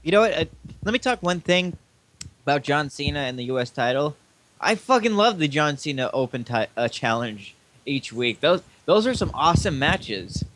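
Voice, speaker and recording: A man's voice: a little high, big pitch swings, normal speed, fairly bright tone, slight background noise. A man co-hosting a podcast in casual chat, playful and enthusiastic. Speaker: podcast co-host.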